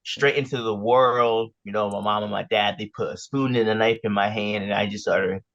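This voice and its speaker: A man's voice: on the low side, fairly even intonation, normal speed, fairly bright tone. A young man guest on a casual podcast, telling his story in a laid-back, joking way. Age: young adult. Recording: dry, dull lo-fi mic.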